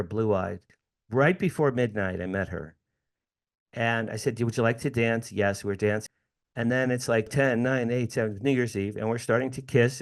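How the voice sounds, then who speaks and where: An American man in his sixties, appearing as an interview guest, tells a personal story in a mid-range voice. He's an animated storyteller who acts out the dialogue and laughs often.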